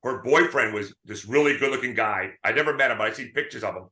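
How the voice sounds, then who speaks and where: With a medium-pitched voice and a quick pace, the man co-hosts a relaxed movie conversation in a reverberant space. He spins animated stories and dramatizes quotes as he goes.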